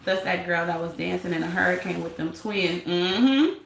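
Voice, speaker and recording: A woman's voice: lowish voice, moderate pace, gravelly, reverberant, rough recording. A woman hosting a live stream, reading chat and gossiping in a sassy, laughing way. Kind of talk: casual live chat commentary.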